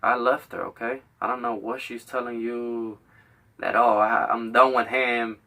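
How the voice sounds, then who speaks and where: Bright-voiced man ranting profanely. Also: medium pitch, measured pace, creaky, recorded from a distance. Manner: heated, profane, animated storytelling with acted quotes. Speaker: podcast host. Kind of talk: profane storytelling rant.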